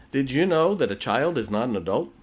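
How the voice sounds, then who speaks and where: A man's voice: mid-range voice, moderate pace, husky. A man preaching a sermon, telling stories and acting out the voices of the people in them. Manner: animated storytelling, acts out quoted voices. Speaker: pastor.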